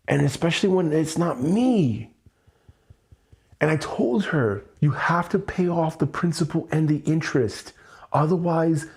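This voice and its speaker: Frustrated man venting, higher voice. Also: a little mellow. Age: adult with a child. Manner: frustrated, venting, swearing, repeating himself. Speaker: host. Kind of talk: emotional livestream monologue.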